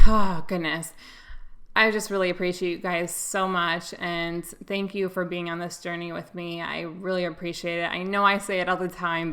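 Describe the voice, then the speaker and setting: A woman's voice: on the low side, pushed and bright. A young adult woman giving a casual, earnest and emotional to-camera update as a vlogger.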